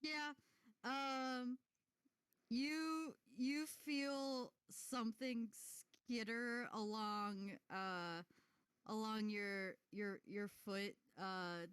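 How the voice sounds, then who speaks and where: A woman narrating as game master in a halting, giggly way with lots of fillers. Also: on the high side, fairly even intonation, fairly bright tone, clean tone, no echo.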